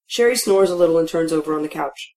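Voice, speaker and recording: A woman's voice: sits low, quick pace, darkish tone. A woman narrating a first-person novel in a wry, matter-of-fact way with a dry sense of humor. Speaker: audiobook narrator.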